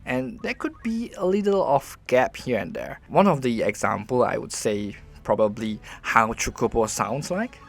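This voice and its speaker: Man, game review host, mid-pitched voice, earnest, conversational, restarts sentences. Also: big pitch swings, moderate pace, gravelly, hardly any pauses, faint music behind.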